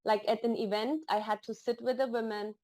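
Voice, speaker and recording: A woman's voice: on the high side, steady tone, brisk, warm tone. A woman guest on a podcast, chatting casually and telling stories with emotion and enthusiasm. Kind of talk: casual interview chat.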